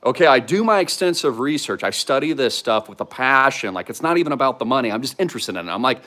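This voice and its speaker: Talking fairly quickly, an excitable man who hosts a crypto investment channel hypes coins straight to camera. His pitch is lively and his pitch is salesy, packed with "like" and "freaking" in a high-energy monologue.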